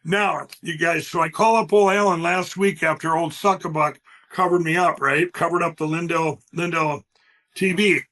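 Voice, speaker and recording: Man with a high-pitched voice, guest on a talk show, rambling and emphatic, telling stories. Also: fairly even intonation, normal speed, pushed and bright. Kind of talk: animated interview storytelling.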